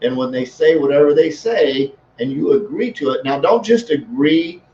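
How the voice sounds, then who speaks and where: A man's voice: fairly high pitch, moderate pace, a little mellow, a little hiss or hum. A man talking as a leadership coach in a casual live-stream, rambling with many restarts. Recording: echoey room, dull lo-fi sound.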